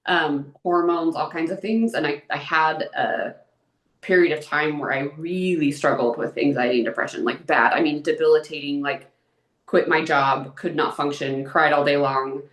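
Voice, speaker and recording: A woman in her thirties with a low voice, speaking as an interview guest. She talks openly and emotionally, with lots of "like"s. The room around her is echoey. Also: fairly even intonation, moderate pace, fairly bright tone. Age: 30s. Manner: open and emotional, chatty with many "like"s. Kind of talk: candid personal interview.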